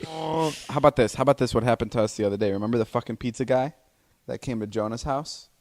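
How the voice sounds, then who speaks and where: A man's voice: mid-range voice, fast, a little mellow, no room sound. A man in his twenties co-hosting a podcast, telling a story casually with plenty of swearing and acting out what people said in raised voices. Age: 20s. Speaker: podcast co-host. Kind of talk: casual chat.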